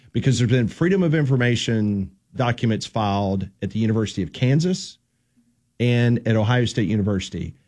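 A man's voice: on the low side, dark tone. A man hosting a sports talk radio show, chatting casually and bantering with his co-host.

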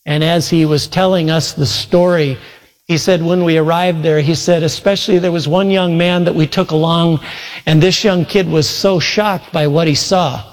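Preaching at a moderate pace, a man with a slightly high, steady voice earnestly relates a long story. He voices the quoted speakers in character and lets out sudden loud shouts, all echoing with long hall reverb.

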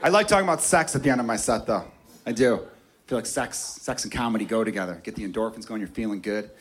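A man's voice: fairly low pitch, fast, husky. A man doing a stand-up comedy set in a club, brash and profane, acting out bits. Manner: brash, profane, acts out voices. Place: comedy club stage with laughing audience. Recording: live club recording with crowd laughter.

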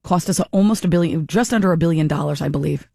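A woman who hosts talk radio and tells a story in a chatty, animated way, restarting her sentences often. Her voice is low and mellow. The sound is dry and close to the mic. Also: fast talker, creaky, dry recording. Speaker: radio talk show host.

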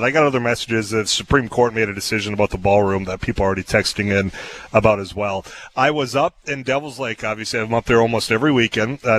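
A man's voice: medium pitch, a bit bright, a little hiss or hum, rough recording. A man hosting a talk radio show, chatting casually and telling stories with frequent fillers and laughs, in a radio studio. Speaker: radio host.

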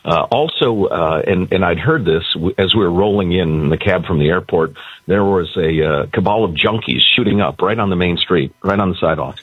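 A man's voice: low-pitched, normal speed, slightly rough, no room sound. A male co-host calling in by phone from a port while on vacation, chatting wryly and sliding into a sardonic rant. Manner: wry, sardonic, breaks into a rant. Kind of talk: casual chat. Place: outdoors by a port. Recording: tinny phone line.

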